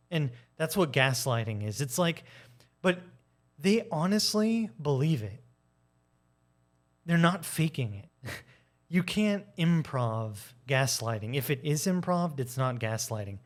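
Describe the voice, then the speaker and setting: A man giving a casual personal monologue, candid and animated, acting out arguments in changing voices and swearing now and then. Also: on the high side, unhurried. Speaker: video essayist.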